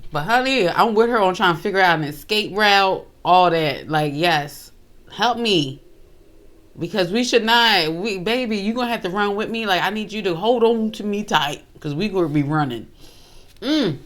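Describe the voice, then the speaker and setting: A woman's voice: mid-range voice, lively intonation, normal speed, fairly bright tone. A woman hosting a reaction video, giving chatty commentary in a drawl and calling her listeners honey.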